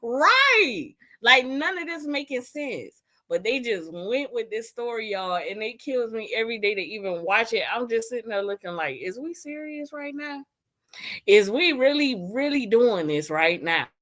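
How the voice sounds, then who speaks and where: A young woman giving animated, incredulous casual commentary in a vlog, often laughing. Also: on the high side, normal speed. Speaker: vlogger.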